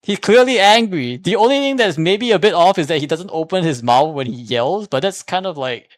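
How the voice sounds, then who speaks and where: A man's voice: on the high side, expressive, a little fast, no room sound. Rambling, argumentative man, dry sound. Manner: rambling and argumentative, with many restarts and fillers; repeats "here's the thing" when making a point. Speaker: streamer. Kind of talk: casual spoken commentary.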